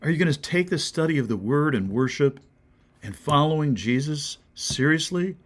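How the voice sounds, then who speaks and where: A man with an American accent, a pastor giving a short devotional sermon, earnest and questioning, sometimes dropping to a soft whisper. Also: a little high, animated, normal speed.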